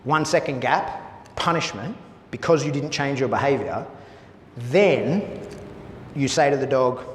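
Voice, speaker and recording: A man's voice: medium pitch, unhurried, a little hiss or hum. A man teaching dog training in a blunt, casual way. He swears freely and keeps checking in with "right?". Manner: blunt, profane, peppered with "right?". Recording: echoey room with long reverb.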